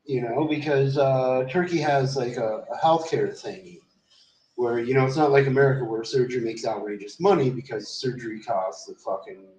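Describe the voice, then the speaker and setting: A man's voice: medium pitch, moderate pace, a little mellow. A man telling a loose, rambling story in casual chat, swearing freely and trailing off in fillers. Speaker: vlogger. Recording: roomy echo, distant from the mic.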